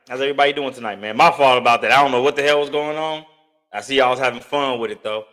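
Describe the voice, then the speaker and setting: Male livestream host, bright, forceful voice, chatty and repetitive, slang-heavy. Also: medium pitch, fast talker. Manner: loose, slangy, repeats himself, thinks aloud. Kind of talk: casual live-stream chat with viewers.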